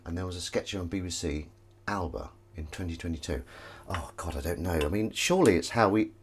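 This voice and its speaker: A low-voiced man hosts a washing-up livestream from his home kitchen, chatting casually, rambling and poking fun at himself as he reads viewers' comments. Dishes and cutlery clatter in the background, and there's a little hiss or hum.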